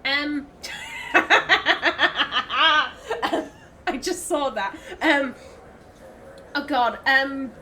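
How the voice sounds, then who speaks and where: Bright, high-voiced woman gamer. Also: drawn-out words, pauses often, a little hiss or hum. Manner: chatty, swears freely, laughs often. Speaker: let's play host. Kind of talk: casual gameplay commentary.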